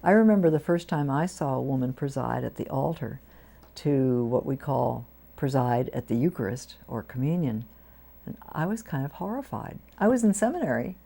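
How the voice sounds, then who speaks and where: A woman's voice: rumbling low, normal speed, vocal fry. An older woman, a priest, telling stories from her life in an interview, bringing quoted people to life as she goes. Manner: warm anecdotal storytelling with lively quoted voices. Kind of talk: storytelling interview. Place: community TV studio.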